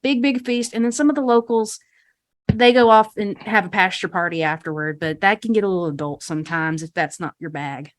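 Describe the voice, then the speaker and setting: A woman's voice: mid-range voice, brisk, no room sound, natural voice. A woman voicing a chirpy small-town Texas shop lady who recites a folksy, rehearsed tour spiel. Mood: chatty.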